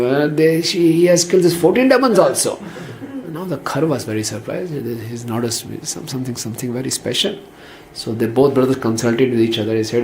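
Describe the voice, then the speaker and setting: A man giving a devotional storytelling lecture in a relaxed, conversational way, peppered with "you know" and chuckles. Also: medium pitch. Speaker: spiritual teacher. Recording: roomy echo, faint background noise.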